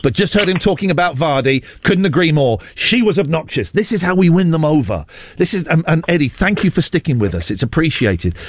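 Lively teasing male radio presenter. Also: fairly high pitch. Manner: teasing, playful, quick to joke. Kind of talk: casual radio banter.

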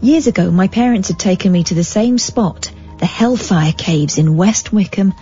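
A woman's voice: mid-range voice, normal speed, warm tone. A woman co-hosting a talk radio show, reading a magazine story aloud with dry, teasing asides. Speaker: radio co-host. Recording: dull broadcast audio over faint music.

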